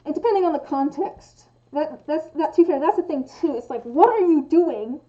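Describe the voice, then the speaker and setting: A young woman from the western U.S. speaks in a high, brisk, warm voice on a muffled recording. Streaming herself making resin dice, she rambles casually, thinking aloud with lots of fillers and restarts, and often drops the g from -ing words.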